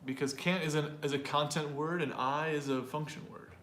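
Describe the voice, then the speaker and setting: A man's voice: fairly high pitch, steady tone, moderate pace, fairly bright tone, reverberant, a little hiss or hum. A man teaching an online English pronunciation class. He explains in a talkative way and often repeats or restarts words.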